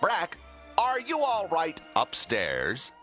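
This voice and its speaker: An actor playing a vain, self-important superhero host in a TV cartoon, reading with pompous, theatrical flair. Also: male voice, medium pitch, huge pitch swings, takes it slowly, pushed and bright, faint music behind, full character voice. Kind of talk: TV cartoon voice acting.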